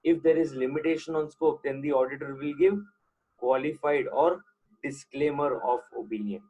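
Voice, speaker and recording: Speaking at a normal speed in a fairly high, mellow voice with a breathy edge, an accounting lecturer with an Indian accent gives a live online class. He switches between English and Hindi and frequently checks whether students understand. The recording is muffled.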